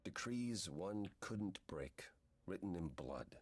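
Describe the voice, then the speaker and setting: An actor playing an ancient male being bound to fate, who talks in a calm, measured, grave way. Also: deep voice.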